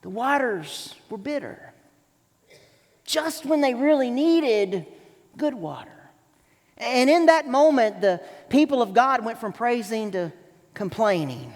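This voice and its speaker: A male pastor preaching a sermon in a church, acting out grumbling voices in an animated way. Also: very high-pitched, slow, in a large hall. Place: church sanctuary.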